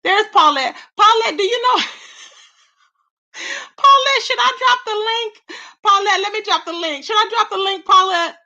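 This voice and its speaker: A woman hosting a livestream, chatting casually with viewers, gossipy and animated, thanking them by name and laughing often. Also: very high-pitched, normal speed, long pauses, dull audio. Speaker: livestream host.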